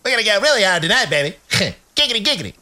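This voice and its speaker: A man doing an impression of a leering cartoon lech, chanting a catchphrase in a high, breathy put-on voice. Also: very animated, very fast, pushed and bright, exaggerated voice. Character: lecherous grown man cartoon character, leering.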